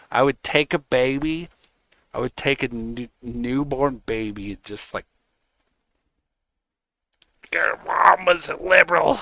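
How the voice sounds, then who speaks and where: Male streamer, heated profane ranter, unhurried delivery, dry close sound. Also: mid-range voice, bright, forceful tone, clear, resonant tone, dry recording. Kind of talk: casual rant.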